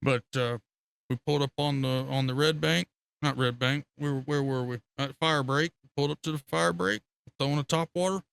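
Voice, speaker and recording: Male podcast guest, high gravelly voice, rowdy profane storyteller. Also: normal speed. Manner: profane, excitable, laughs often. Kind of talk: casual storytelling.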